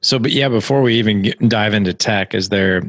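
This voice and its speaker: A man's voice: on the low side, brisk, fairly bright tone, dry recording, studio quality. A man hosting a podcast interview, giving short agreeing replies and asking follow-up questions. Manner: brief affirming responses and follow-up questions. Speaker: podcast host.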